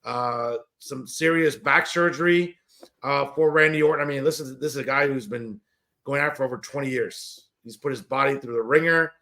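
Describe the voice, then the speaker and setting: This podcast co-host talks at a normal speed in a mid-range voice with a sharp edge. Going over the wrestling card, he chats loosely and keeps dropping "uh" and "you know."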